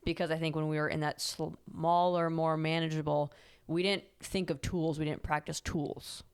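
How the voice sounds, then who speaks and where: Young female podcast co-host, lowish voice, blunt and candid. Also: little pitch movement, moderate pace, smooth. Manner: frank, candid, lightly self-mocking. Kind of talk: casual chat.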